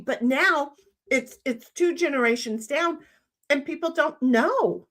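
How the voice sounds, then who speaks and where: Blunt high-voiced older woman. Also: slow, fairly bright tone. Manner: blunt, salty, acts out both sides of conversations. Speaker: stream host. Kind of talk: casual chat on a live stream.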